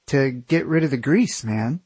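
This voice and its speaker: A man voicing a blunt, exasperated young male traveler who insists and swears casually, with a husky voice. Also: mid-range voice, lively intonation, a little slow, a little mellow, dry recording. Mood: insistent.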